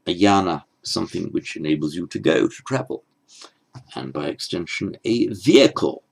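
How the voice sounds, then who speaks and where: A man teaching a lesson, explaining each word slowly and carefully, step by step, and stressing each foreign word as he says it. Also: low voice, expressive, gravelly. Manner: slow, careful, stepwise explaining; pronounces foreign words slowly with emphasis. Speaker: Sanskrit teacher. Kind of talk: lecture.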